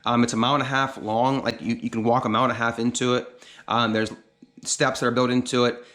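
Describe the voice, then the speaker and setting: This man, a channel host, speaks fast in a medium-pitched, level, slightly bright voice. Out of breath and standing outdoors atop a gorge, he addresses the camera casually, rambling and using many fillers.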